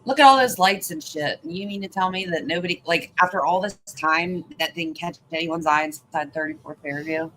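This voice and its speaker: A woman's voice: fairly low pitch, brisk, hardly any pauses, sharp tone, slight background noise, low-quality recording. A woman hosting a casual trial-commentary stream, chatty and sarcastic as she talks back at the courtroom video.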